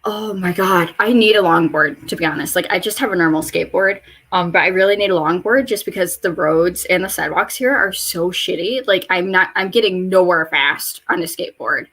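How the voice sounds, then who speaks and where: A woman's voice: fairly quick, few pauses, husky. Rambling, swearing woman in her twenties. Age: mid-20s. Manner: rambling, profane, with sudden high excited jumps in pitch. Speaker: vlogger. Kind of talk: casual rambling chat while getting ready. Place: bedroom at home.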